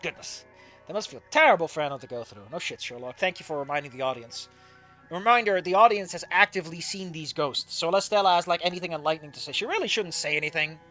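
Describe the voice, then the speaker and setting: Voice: medium pitch, fast talker, fairly bright tone, soft background music. A game commentator giving sarcastic, exasperated commentary on a visual novel, often laughing at the writing. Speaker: let's play commentator.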